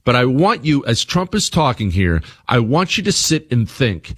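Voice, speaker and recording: A man's voice: medium pitch, big pitch swings, moderate pace, a bit bright, slightly rough. A man hosting his own radio show, talking straight to listeners in an emphatic monologue that leans on repeated phrases.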